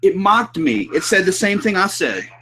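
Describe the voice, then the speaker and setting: A man running a live paranormal investigation, talking excitedly and profanely and calling listeners dude and bro. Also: sits high, moderate pace, slight background noise, poor audio. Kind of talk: live ghost-hunting session. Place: indoors, room where he investigates.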